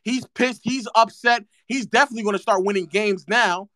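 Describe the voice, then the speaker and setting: A man's voice: sits high, brisk, few pauses, bright, forceful tone, dry recording, clean studio sound. A man streaming live, ranting about basketball in a sarcastic, mocking way and repeating phrases for effect.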